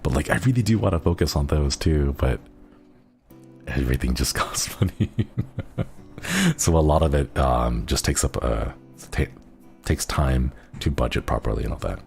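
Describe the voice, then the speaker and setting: A man's voice: extremely low pitch, lively intonation, normal speed, vocal fry, a little mellow, soft background music. A young man streaming as a virtual idol, chatting casually in a rambling way full of fillers and giggly asides. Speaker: VTuber streamer. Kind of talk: casual chat.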